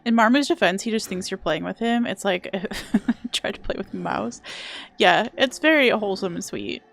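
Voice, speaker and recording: A woman's voice: medium pitch, moderate pace, creaky, a little hiss or hum. A young adult woman streaming a video game, chatting casually in a rambling, self-deprecating way. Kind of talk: casual gameplay chat.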